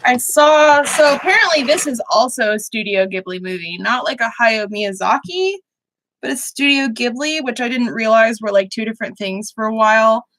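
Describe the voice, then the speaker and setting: A woman's voice: a little high, animated, moderate pace, fairly bright tone, dry recording, low-quality recording. A young woman hosting a livestream, chatting casually and rambling with many fillers as she sews. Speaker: livestream host. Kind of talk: casual chat while sewing.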